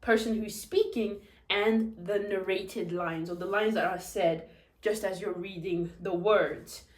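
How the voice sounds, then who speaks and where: A woman's voice: medium pitch, fairly even intonation, measured pace, roomy sound. A woman teacher giving chatty, demonstrative tips on telling stories to children. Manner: chatty, demonstrative, switches into character voices. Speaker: English teacher.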